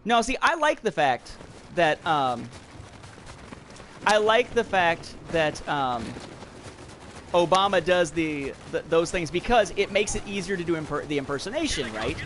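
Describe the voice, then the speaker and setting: A man's voice: on the high side, big pitch swings, a little slow, a little hiss or hum. A man in his thirties hosting a livestream podcast, chatting with viewers while playing a shooter game. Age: 30s. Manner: rambling, talks to chat while playing a shooter. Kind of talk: casual chat while gaming. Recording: loud game sounds behind. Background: shooter game audio.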